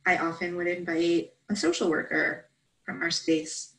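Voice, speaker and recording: A woman's voice: on the low side, steady tone, a little slow, a bit bright, rough recording. A woman presenting a training session, explaining steps in an instructive way and checking in with "right?" often.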